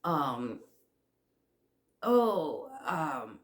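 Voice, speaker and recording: A woman with a somewhat low voice, telling a story at an unhurried pace for her crochet channel. She rambles and restarts, filling gaps with ums and uhs. The room around her is echoey. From Canada. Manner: rambling, animated retelling with many fillers and restarts. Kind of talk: casual storytelling vlog.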